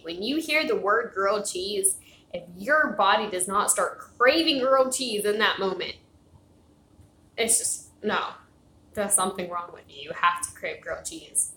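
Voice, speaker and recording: On a home livestream, a woman host chats casually in a medium-pitched, bright, forceful voice, rambling and laughing a lot as she grows tired and breathless. The room is echoey, with faint noise.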